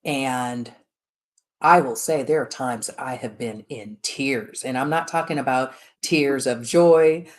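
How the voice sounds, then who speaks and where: A middle-aged woman with a low voice leads a live workshop, talking frankly to her listeners. She is emphatic and repeats herself for weight, and her sentences are full of fillers and restarts. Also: unhurried. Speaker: workshop speaker on the chief of staff role.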